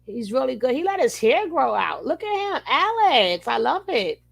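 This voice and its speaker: Woman reacting to a video, chatty and upbeat, kinda high with some vocal fry. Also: very animated, normal speed. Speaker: reaction channel host. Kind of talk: casual reaction chat.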